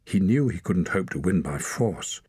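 A very deep, husky male voice reads an audiobook in a steady, measured way. The sound is dry and close to the mic, with no room around it. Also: no echo. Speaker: narrator. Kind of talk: audiobook narration.

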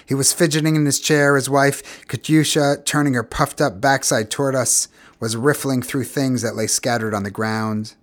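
A man narrating literary fiction as an audiobook, in a measured, expressive reading voice. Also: mid-range voice. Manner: measured, expressive, grows quiet and somber.

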